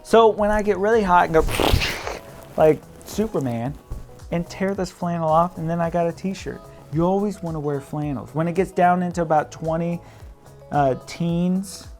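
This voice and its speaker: Midwestern man in his 30s, casual vlog advice, jokey and animated, a bit high-pitched, faint music underneath. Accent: Midwestern American. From Midwest, United States. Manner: playful, laughing, quick swings in pitch and loudness. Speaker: realtor vlogger. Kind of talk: casual direct-to-camera advice.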